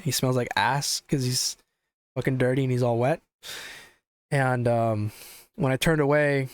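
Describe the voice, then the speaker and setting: A young man hosts a casual podcast, telling a rambling story full of swearing and restarts, animated throughout. His middle-pitched voice is smooth and resonant. The recording is close and dry, with no room echo.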